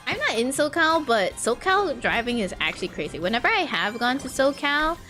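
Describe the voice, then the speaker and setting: A woman streamer from California talks casually over her gameplay in a rambling, filler-heavy way, often breaking into laughter at her own stories. Her voice sits on the higher side. Faint game music plays behind her. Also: sing-song, brisk, sharp tone. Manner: rambling and chatty, full of "like" fillers. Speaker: VTuber streamer. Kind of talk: casual livestream chat while playing.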